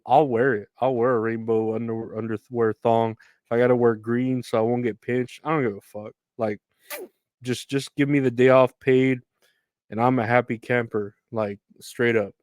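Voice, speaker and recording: A man's voice: mid-range voice, darkish tone, clear, resonant tone, dry recording. A man hosting his own podcast, rambling alone in a profane, meandering, self-deprecating way. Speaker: podcast host. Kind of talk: rambling solo podcast monologue.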